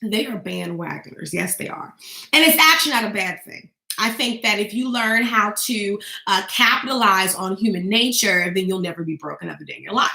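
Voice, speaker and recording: A woman business coach talks energetically to the camera in a motivational, chatty style, emphatic and sprinkling in "okay?" often. Her mid-range voice is gravelly and fairly quick, in an echoey room.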